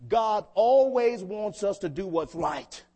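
A man's voice: sits high, lively intonation, slow, dark tone. A man preaching a sermon to a congregation, often asking them questions to draw them in. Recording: long hall reverb.

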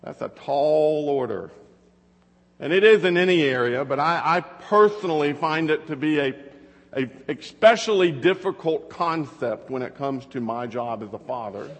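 A man's voice: medium pitch, a little slow, in a large hall. A man in his thirties preaching a conversational sermon, telling family stories and asking rhetorical questions. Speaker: pastor.

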